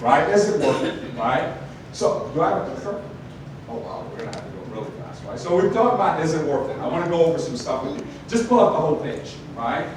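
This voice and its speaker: A man giving a motivational talk to an audience, telling stories with animated asides. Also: on the high side, a little fast. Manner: storytelling, animated, many asides like "right?". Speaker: motivational speaker. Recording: echoey hall from far off, noisy.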